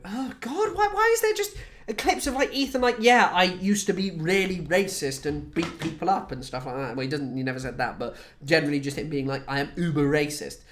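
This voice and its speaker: Rambling, sweary woman from the UK streaming. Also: low voice. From United Kingdom. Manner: rambling, swearing, frequent restarts. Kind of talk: casual livestream chat.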